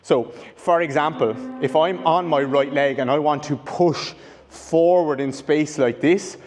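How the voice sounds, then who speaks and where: A man's voice: a little high, a little slow, darkish tone, faint music behind. Man coaching an exercise in an echoey room. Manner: explanatory, restarts and corrects himself. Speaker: rehab coach. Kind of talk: instructional demonstration. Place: training room with a whiteboard. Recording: long reverb in a large room.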